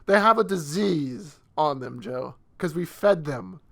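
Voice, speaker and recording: A man's voice: on the high side, expressive, measured pace, creaky, fairly bright tone. A young man co-hosting a casual podcast, rambling and insisting on odd theories. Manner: rambling, insistent conspiracy rant. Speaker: podcast co-host. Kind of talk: casual chat.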